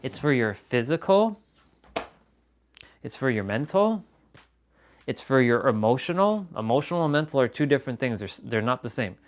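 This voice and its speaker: A man hosting a fitness livestream, talking in a casual, animated, rambling way and swearing freely. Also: mid-range voice, moderate pace, pauses often. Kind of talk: casual motivational livestream talk.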